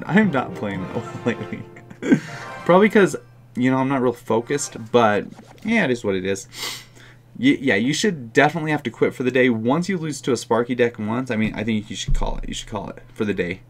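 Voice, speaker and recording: Young man, gaming commentary, mid pitch, self-mocking, sudden loud outbursts, faint music behind. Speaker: gaming YouTuber. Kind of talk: live game commentary.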